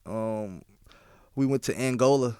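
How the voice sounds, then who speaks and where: A young man talks in a smooth, clear voice at an average pitch, sounding close and dry. He tells his stories in relaxed street slang and keeps checking in with the listener. He is a DJ guest on a casual podcast. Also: unhurried, no room sound. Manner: laid-back slang, repeats "you feel what I'm saying". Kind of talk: casual podcast interview storytelling.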